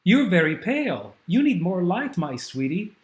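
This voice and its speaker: A fussing elderly lady scolds and coaxes her houseplants in a raised, lively voice, as a man reads her lines aloud. Her tone swings between tender and indignant. The recording carries a roomy echo. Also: sits high, moderate pace, pitched above the performer's own voice. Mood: doting. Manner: doting, bickering with plants that answer back. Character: elderly woman fussing over her potted plants. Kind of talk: dramatic script reading.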